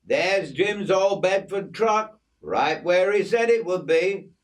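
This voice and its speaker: A man's voice: high voice, expressive, takes it slowly, voice pushed up. A man voicing a friendly, grinning outback bloke with an Australian accent and breezy matey slang. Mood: cheery.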